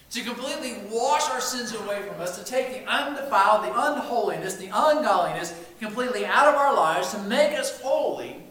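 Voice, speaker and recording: A man preaching a sermon, emphatic, swinging between loud declarations and hushed lines. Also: sits high. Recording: very echoey room, mic at a distance.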